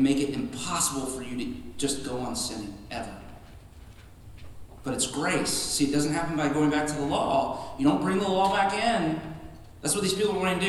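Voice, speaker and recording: Male pastor, sermon delivery, emphatic and conversational, a bit high-pitched, picked up from a distance in a reverberant sanctuary. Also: fairly even intonation, normal speed, a little hiss or hum. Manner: emphatic, conversational preaching with repeated restarts. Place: church sanctuary. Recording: echoey hall from a distant mic.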